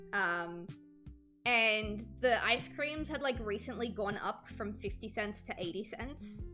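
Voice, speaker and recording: A woman's voice: mid-range voice, bright, forceful tone. A woman in her twenties chatting casually with her stream while drawing, telling stories with many "like" fillers.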